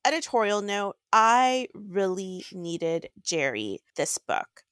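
A woman co-hosting a book podcast in casual chat, with a deadpan delivery. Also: mid-range voice, slow, no room sound, clean studio sound.

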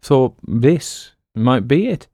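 A man voicing a quick-witted, self-assured male bookseller and amateur sleuth with a breezy manner. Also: mid-range voice, expressive, darkish tone, no echo, clean studio sound, voice pushed up.

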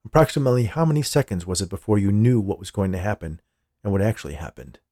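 A man's voice: lowish voice, lively intonation, fast talker, warm tone, dry recording, clean studio sound. A man doing a smug, menacing company boss. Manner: smooth and condescending.

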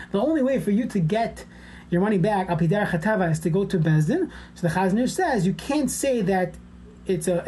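Woman, class teacher, mellow tone, casual explanatory lecture style. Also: medium pitch, slight background noise. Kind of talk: informal lecture.

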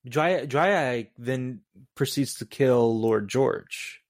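A man's voice: medium pitch, takes it slowly. A man co-hosting a casual movie podcast, chiming in and asking questions. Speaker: podcast co-host.

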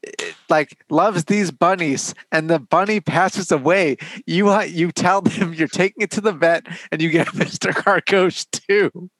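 A man's voice: high voice, unhurried, fairly bright tone. A young man co-hosting a casual chat, chiming in and teasing a friend.

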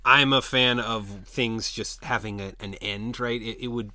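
Wry, bright-voiced male co-host. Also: medium pitch, fairly even intonation, unhurried, dry recording. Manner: wry, joking. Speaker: podcast co-host. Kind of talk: casual chat. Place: comic book store.

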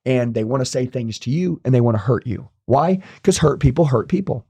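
A man's voice: medium pitch, expressive, brisk, warm tone, breathy edge. A man speaking as an interview guest, sharing his story intensely, bluntly, and with plenty of swearing. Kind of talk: motivational interview talk.

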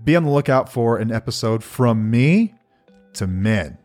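A man's voice: mid-range voice, lively intonation, measured pace, a little mellow, soft background music. A middle-aged man co-hosting a casual podcast, reading listener questions and answering them in an earnest, reflective way. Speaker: podcast co-host.

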